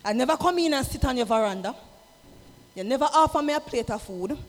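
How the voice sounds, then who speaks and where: A man preaching an impassioned sermon, swinging from shouted exhortation to low, intimate asides. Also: expressive, a little fast. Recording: long hall reverb with music behind.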